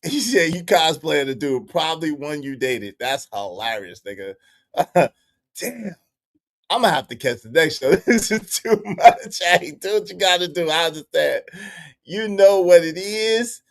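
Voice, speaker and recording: Incredulous laughing reaction streamer, lively pitch. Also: male voice, measured pace, vocal fry. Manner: loud incredulous repeated questions, frequent laughing. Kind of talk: casual reaction commentary.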